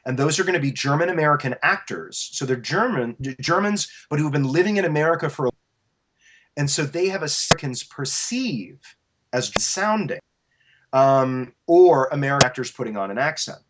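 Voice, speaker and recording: Animated man explaining his craft. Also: fairly high pitch, normal speed. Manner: animated and explanatory, with frequent restarts. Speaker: voice actor and coach. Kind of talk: interview guest sharing advice.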